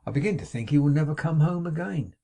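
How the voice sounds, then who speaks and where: A man voicing an excitable, kindly young man in an audiobook, with eager, breathless exclamations in a raised voice. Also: fairly high pitch, fast, gravelly, voice pushed up. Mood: overjoyed.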